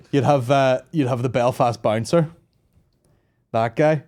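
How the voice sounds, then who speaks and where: A man's voice: medium pitch, fairly quick, a little mellow. A man in his thirties with a Northern Irish accent, hosting a comedy podcast in loose, rambling, profane chat with laughs between riffs. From Northern Ireland. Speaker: podcast host.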